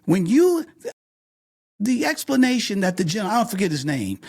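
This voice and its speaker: A man's voice: high voice, very animated, normal speed, gravelly, a little mellow. A man hosting a podcast discussion, talking emphatically and checking in with repeated "okay?" and "right?". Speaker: podcast host.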